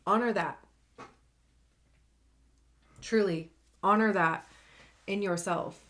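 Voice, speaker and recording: Slow-talking chatty woman tarot reader. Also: mid-range voice, a bit bright. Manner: chatty, slangy, laughs often. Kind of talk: casual tarot reading.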